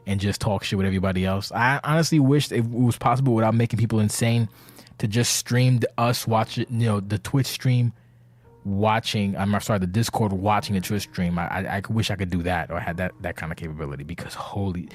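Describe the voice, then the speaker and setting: Brief: man with a lowish voice, rambling and profane, sounds tired and anxious, faint music underneath. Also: fairly quick, no echo. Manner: rambling, profane, self-interrupting. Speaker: community leader of an online wrestling game league. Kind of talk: casual podcast monologue. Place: indoors, seated.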